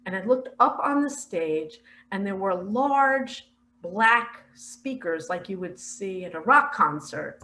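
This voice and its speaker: An older woman earnestly recounting a spiritual vision in a slow, heartfelt, emotional way. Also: mid-range voice, lively intonation, sharp tone, low-quality recording. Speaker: spiritual speaker sharing visions.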